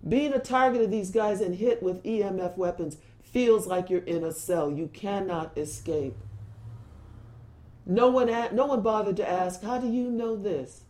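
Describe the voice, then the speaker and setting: A woman giving an impassioned spoken address, earnest and deliberate, pausing often and restarting phrases. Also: medium pitch, a little mellow.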